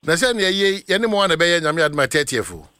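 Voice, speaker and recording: A man's voice: on the high side, animated, fast, bright, forceful tone, no room sound. A man from Ghana hosting a radio interview, asking questions with hesitant starts and fillers. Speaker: radio host.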